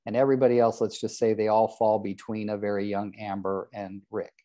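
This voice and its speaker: A man's voice: on the low side, little pitch movement, fairly quick, mellow. An older man coaching real estate agents in a live group session, joking at his own expense and calling on trainees by name. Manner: joking, self-deprecating, calls on trainees by name.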